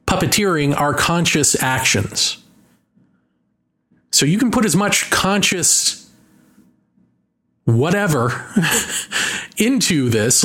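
A man's voice: a little high, fairly bright tone. A man talking in a casual monologue, musing and wry, drawing out his points.

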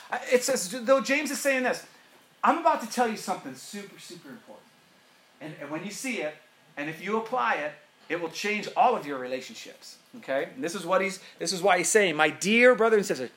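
A middle-aged man preaching a sermon as pastor, animated and joking, often laughing. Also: high-pitched. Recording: roomy echo, faint room noise.

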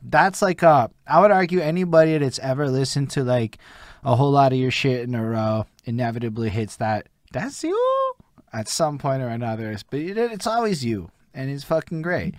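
A man's voice: medium pitch, dry recording. Young male podcast host, dry close sound, slangy and profane. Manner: loose, swearing, jokey slang. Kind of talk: casual podcast chat.

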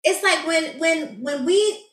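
Bright, high-voiced woman teaching scripture. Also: slow. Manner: enthusiastic, chatty, many fillers. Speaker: Bible study teacher. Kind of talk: excited teaching and scripture reading. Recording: echoey room, distant mic.

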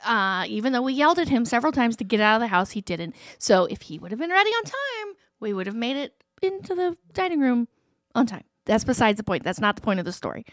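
A woman in her forties co-hosting a podcast, telling a family story in a casual, animated way with frequent laughter. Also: on the high side, fast talker, no room sound. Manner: animated, laughing, acts out quotes. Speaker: podcast co-host.

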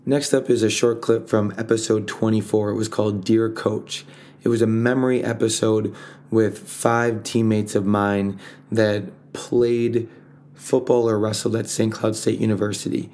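A man hosting a podcast, introducing a clip in an earnest, steady way. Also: fairly low pitch, moderate pace. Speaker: podcast host. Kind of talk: scripted introduction.

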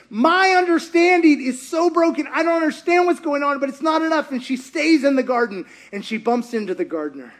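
Man, preacher, sermon, very high pitch, lively storytelling, acts out voices. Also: normal speed, few pauses. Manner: animated, acts out quotes, laughs often.

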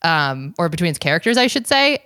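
A woman hosting a podcast, asking questions with eager interest. Her voice sits on the low side. The recording sounds dry and close, with no room echo. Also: very animated, fairly quick, a bit bright. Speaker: podcast host. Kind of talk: casual interview.

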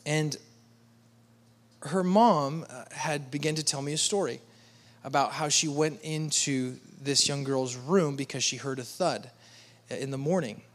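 Man, pastor, sermon, earnest and pleading, fairly high voice, acts out quotes. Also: a little slow.

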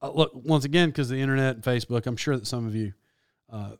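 A man talking in a casual solo monologue. He rambles, restarts and corrects himself, with animated bursts. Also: medium pitch, fast, no echo.

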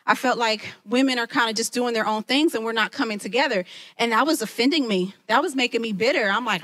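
High, bright-voiced woman preaching. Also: fast talker. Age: adult, mother of children. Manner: lively, talks straight to listeners. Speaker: women's ministry leader. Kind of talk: sermon.

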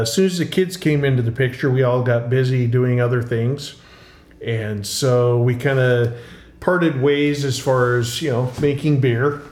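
A middle-aged man, a winery co-owner, answering interview questions in a casual, halting way with many fillers and restarts, recorded in a tasting room. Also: medium pitch, a little mellow. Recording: roomy tasting room, faint hum.

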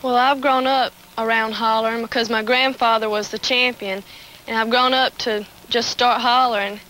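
A woman's voice: fairly high pitch, steady tone, normal speed, sharp tone, slight background noise, poor audio. A young woman, eagerly explaining the hollers she learned from her family. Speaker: holler contestant. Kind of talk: casual explanation with demonstrations.

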